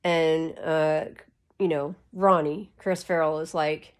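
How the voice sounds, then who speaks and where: Lying down as she talks to the camera, this YouTuber has a low voice with fairly even intonation and an unhurried pace. Her chat is loose and rambling, packed with "like."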